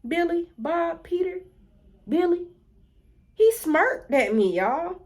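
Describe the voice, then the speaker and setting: A woman telling a story to her viewers, animated and talking straight to them. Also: very high-pitched, takes it slowly. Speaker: vlogger. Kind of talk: storytime vlog.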